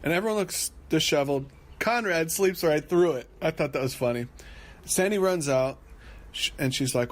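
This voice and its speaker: A man co-hosting a podcast, rambling through a lively recap of a reality show and now and then mimicking the people in it. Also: fairly high pitch, normal speed. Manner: animated retelling, mimics quoted people; rambling with frequent restarts. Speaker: podcast co-host.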